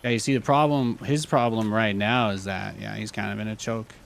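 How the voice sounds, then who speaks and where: A man's voice: on the low side, fairly even intonation, brisk, creaky. A young man streaming a strategy game and chatting about it as he plays, rambling and repeating phrases. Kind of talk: live gameplay commentary.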